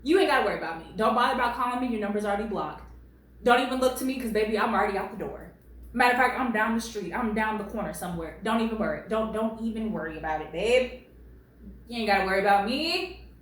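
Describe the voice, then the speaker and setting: A woman in her late twenties reads online stories at home and gives her own animated, sassy commentary. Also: medium pitch, quick pace, very echoey, recorded from a distance, poor audio. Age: late 20s. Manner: animated, sassy, laughs a lot. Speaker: reddit story reader and commentator. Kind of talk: casual commentary vlog.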